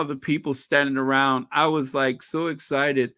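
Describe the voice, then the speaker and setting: An American man with an African American accent, chatting casually and rambling excitedly while pausing to recall details. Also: medium pitch. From United States. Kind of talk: casual chat.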